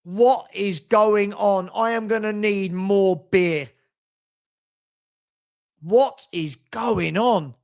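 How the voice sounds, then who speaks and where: Exasperated fan hosting a match watchalong. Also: male voice, sits high, very slow, vocal fry, pauses often. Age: older. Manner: exasperated, sarcastic, bursts into shouts. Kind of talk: live football watchalong commentary.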